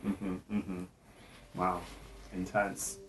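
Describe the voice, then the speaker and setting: Slow, husky man with a lively voice. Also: low voice. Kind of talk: casual interview chat.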